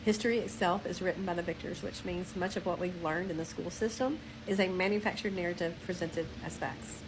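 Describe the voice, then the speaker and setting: Low-voiced woman, firm and declarative. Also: steady tone, brisk, background noise. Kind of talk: scripted monologue.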